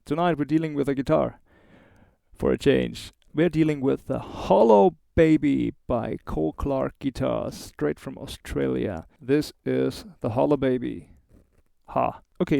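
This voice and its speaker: A man with a German accent talks through a guitar review in a chatty, informal way, dropping small asides as he goes. His voice is dark and mellow with a gravelly edge. The recording is dry and close. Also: mid-range voice, no echo. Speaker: host of a guitar review show. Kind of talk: casual gear review.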